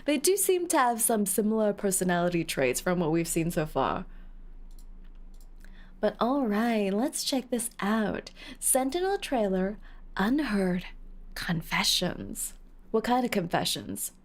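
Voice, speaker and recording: A woman's voice: mid-range voice, sing-song, a little slow. A woman streamer chatting playfully with her viewers, teasing and laughing as she reads comments aloud. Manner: playful, giggly, teasing, reading chat aloud. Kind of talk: casual live-stream chat while playing a game.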